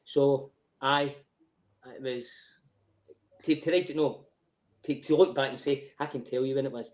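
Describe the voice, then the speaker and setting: A man's voice: mid-range voice, a little slow, reverberant. A middle-aged Scottish man telling stories in a podcast chat, laughing a lot and swearing freely. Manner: animated storyteller, laughs often, swears freely. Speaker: podcast guest. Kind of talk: casual chat.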